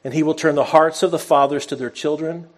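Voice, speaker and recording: A man's voice: on the high side, fairly even intonation, brisk. A pastor preaching a sermon, a man retelling a scripture story in an earnest, conversational way, with a bit of self-deprecating humor.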